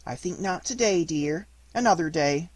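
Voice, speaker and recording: A man voicing a gentle mother kangaroo. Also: a little high, animated, normal speed, no room sound. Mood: motherly. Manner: soft, reproachful and mothering.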